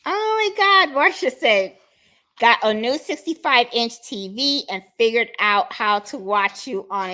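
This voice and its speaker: A craft channel host from Puerto Rico runs a casual livestream, chatting and greeting viewers by name as she reads their comments. Her voice is fairly high-pitched with a sharp tone.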